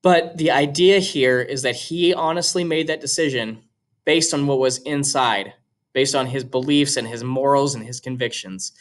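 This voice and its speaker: A man teacher who reads a novel aloud to his class and explains it in a measured way. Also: mid-range voice. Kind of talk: reading a novel aloud with commentary.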